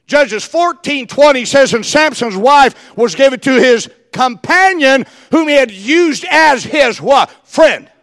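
High-voiced fiery preacher. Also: male voice, expressive, slow, hardly any pauses, dry recording, clean studio sound, long reverb tail. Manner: preachy, shouts for emphasis, acts out quoted dialogue. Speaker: pastor. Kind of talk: fiery sermon.

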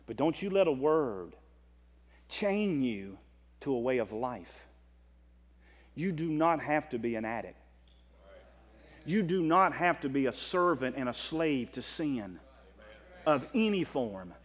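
A man with a Southern US accent preaching a sermon, passionate, swinging from loud drawn-out declarations to quiet quick asides. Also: mid-range voice, big pitch swings, big-room sound.

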